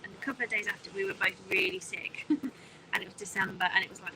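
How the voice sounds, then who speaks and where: Speaking quickly at a medium pitch, an Englishwoman rambles through a live chat with viewers on her phone, greeting them by name. The handheld recording comes from a bus in traffic, full of engine and road noise.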